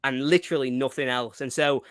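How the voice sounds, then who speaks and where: A man's voice: mid-range voice, steady tone, a little fast, a crowd in the background. A man co-hosting a casual football prediction chat, breaking down the stats in an analytical, chatty way and laughing easily. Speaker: co-host.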